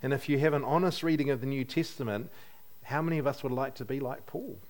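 A man's voice: mid-range voice, fast. A man preaching a sermon in a conversational way, asking his listeners questions and adding light humor.

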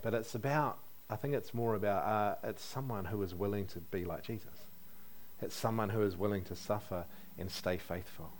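A man's voice: fairly low pitch, a little mellow. A man preaching a sermon in a conversational way, asking his listeners questions and adding light humor.

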